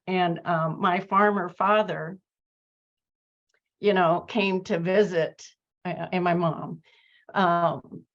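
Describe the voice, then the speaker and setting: In a conversational interview, the female host reflects on a personal story, her speech peppered with fillers and restarts. She has a fairly low voice, captured on a muffled recording.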